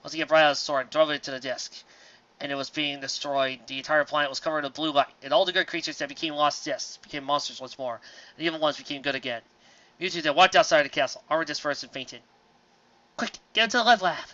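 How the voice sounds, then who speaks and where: A man reads fan fiction aloud in a mock-serious comedic tone. His voice is bright and pushed, a little above average in pitch. The recording is dull and lo-fi. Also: fairly even intonation, fast talker. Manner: exasperated, yelling outbursts between mock-serious reading. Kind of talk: comedic dramatic reading with rants. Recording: dull lo-fi sound.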